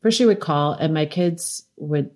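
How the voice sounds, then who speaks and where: A middle-aged woman, a documentary director, telling animated stories in a podcast interview and acting out quotes. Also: deep voice, a little slow. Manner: animated storytelling, laughs often, acts out quotes. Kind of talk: conversational interview.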